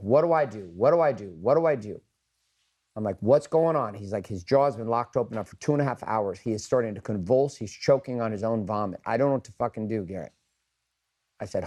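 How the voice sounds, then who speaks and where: A man's voice: medium pitch, darkish tone. A middle-aged man speaks candidly to a group in a mid-range voice. His talk is earnest and peppered with swearing. He keeps turning to the room with questions and asking for raised hands. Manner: blunt, profane and earnest. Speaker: speaker leading a group session.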